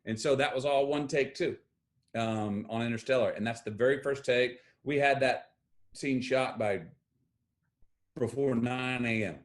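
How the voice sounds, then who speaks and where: Animated Texan man telling stories. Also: medium pitch, measured pace. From Texas. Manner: acts out quoted voices, emphatic. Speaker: guest actor. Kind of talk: animated storytelling interview.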